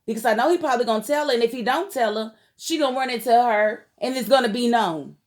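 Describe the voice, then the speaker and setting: A woman's voice: a little high, quick pace. A woman from Kentucky giving an emphatic, heated casual vlog commentary on a TV show, speaking in outspoken slang. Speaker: TV show recap vlogger.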